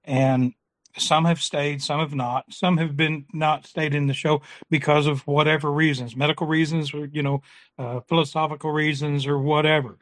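A man's voice: a little high, flat delivery, normal speed, a bit bright. A man who is a regular on a talk show, chatting casually and reflectively, often restarting his sentences. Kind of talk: casual chat.

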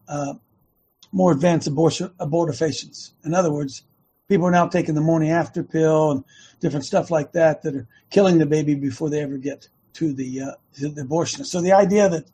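A man hosting an online show, talking fast and emphatically, repeating words in bursts. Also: fairly high pitch, dark tone, breathy edge. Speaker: host of an online activist show. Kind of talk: fast casual preaching talk.

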